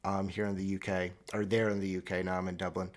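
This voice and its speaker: A man in his thirties from Florida, hosting a solo comedic podcast monologue in a sarcastic, deadpan, rambling way. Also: deep voice, fast talker. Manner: rambling with restarts, mock-earnest. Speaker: podcast host. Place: traveling abroad, recording alone.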